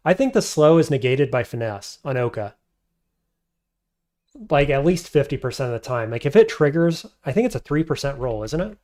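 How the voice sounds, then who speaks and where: Answering chat while he plays, a male streamer mulls over his options out loud. The delivery is casual live-stream commentary, and his voice sits at medium pitch with a darkish tone.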